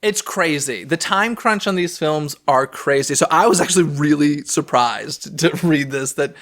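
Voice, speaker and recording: Bright-voiced chatty podcast man. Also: on the high side, normal speed. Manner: chatty, animated, self-deprecating asides. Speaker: podcast co-host. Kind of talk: casual chat.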